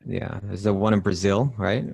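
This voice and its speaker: A man's voice: on the low side, fairly even intonation, moderate pace, gravelly, a little mellow, slightly rough, dry recording. A man co-hosting a podcast, talking in a hesitant, reflective way with many fillers. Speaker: podcast co-host. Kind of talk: casual chat.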